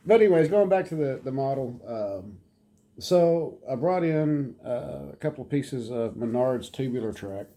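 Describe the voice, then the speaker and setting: A man in a relaxed, rambling home vlog, showing off a model train car and talking to his dog now and then. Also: medium pitch, normal speed. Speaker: model train hobbyist vlogger. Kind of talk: casual show-and-tell vlog.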